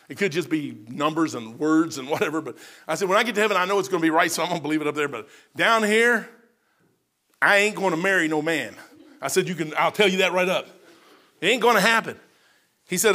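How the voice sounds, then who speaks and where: A middle-aged preacher, his voice pitched high and ringing bright. He preaches in waves, climbing to shouts, then falling to soft, quiet stretches. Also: expressive, brisk. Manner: swings between loud and soft delivery. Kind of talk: sermon.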